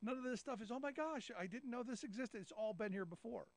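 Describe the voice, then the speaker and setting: A man's voice: very high-pitched, expressive, quick pace, dry recording. A man hosting a talk radio show, chatting casually with a loose, rambling, sarcastic delivery.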